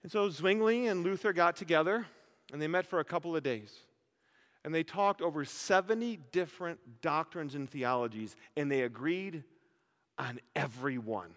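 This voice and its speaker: A man preaching a sermon in a large church hall, animated and joking, firing off rhetorical questions. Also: fairly high pitch, normal speed. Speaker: pastor.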